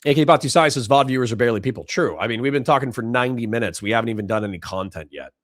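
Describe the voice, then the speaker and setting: Young guy streaming, reads chat out loud, swears a lot, dry close sound. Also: medium pitch, racing, dry recording. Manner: blunt, profane, reads donations aloud in mock voices. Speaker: livestream host reading chat. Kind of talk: casual livestream chat.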